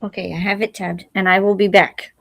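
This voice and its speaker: A woman's voice: medium pitch, flat delivery, brisk, vocal fry, fairly bright tone. A woman co-hosting a livestream, chatting casually with wry, offhand asides. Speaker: livestream co-host. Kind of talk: casual chat.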